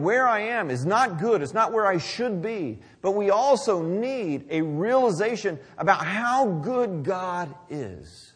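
A man with a husky voice preaches a sermon in a church sanctuary. His delivery swings between loud emphasis and quiet, near-whispered asides. A long reverb from the hall trails every phrase. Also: high-pitched. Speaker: pastor.

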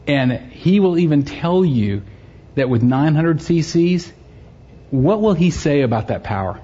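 A man's voice: a little high, sing-song, measured pace, dark tone, breathy edge, highs cut off. A middle-aged man, a pastor, preaching a sermon and telling a personal story, conversational and joking with the congregation.

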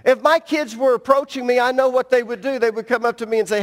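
A man's voice: very high voice, steady tone, fast, few pauses. A middle-aged man preaching as a pastor, talking directly and emphatically to his congregation. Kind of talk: sermon. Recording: long reverb in a church hall.

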